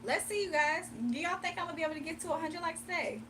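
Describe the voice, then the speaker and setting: A young woman with a high, bright voice chats casually on a livestream, playful and teasing, laughing between comments. She sits a little back from the mic, with faint noise behind her. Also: quick pace, distant mic. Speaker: livestream host.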